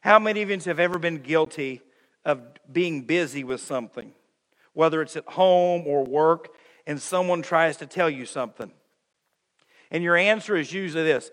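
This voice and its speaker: High-voiced preacher in a reverberant church. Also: male voice, normal speed. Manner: animated preaching with acted-out quotes and humor; calls the congregation "friends". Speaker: pastor. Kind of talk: sermon. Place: church sanctuary.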